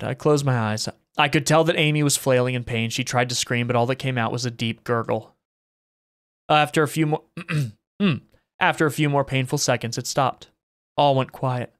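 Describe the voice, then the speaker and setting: Male streamer, mid-pitched voice, reading a horror game's story aloud, game music playing underneath. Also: fairly even intonation, normal speed, a bit bright. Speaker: gaming streamer.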